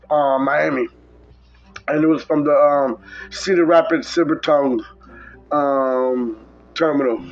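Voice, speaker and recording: Profane, animated man with lo-fi sound. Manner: profane, animated, mimics people in high voice. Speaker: podcast host telling driving stories. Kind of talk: casual storytelling.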